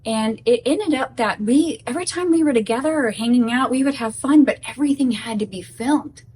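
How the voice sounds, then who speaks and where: A woman's voice: fairly high pitch, brisk, a little mellow, distant mic, a little hiss or hum, low-quality recording. Chatty woman vlogging from across the room. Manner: chatty and candid, with self-deprecating asides. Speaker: YouTuber's wife sharing her story. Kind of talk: casual vlog monologue.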